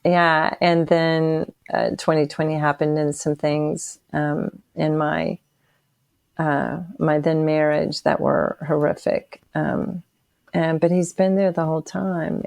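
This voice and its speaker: A woman in her sixties giving an emotional personal testimony as a podcast guest, halting often and restarting her sentences. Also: sits low, little pitch movement, gravelly, darkish tone, no echo. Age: 60s. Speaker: interview guest.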